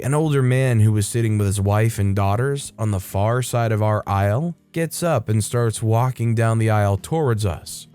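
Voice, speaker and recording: A man narrating a reddit story in a steady, even scripted read. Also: medium pitch.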